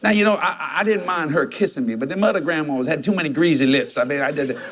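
A man's voice: fairly high pitch, fast, a bit bright, a little hiss or hum. A man, preaching a storytelling sermon and jumping into quoted voices with laughter.

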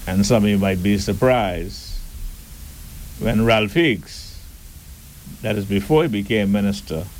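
A man giving a deliberate, emphatic public address and asking rhetorical questions. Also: on the low side, darkish tone, slight background noise, low-quality recording. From Turks and Caicos Islands.

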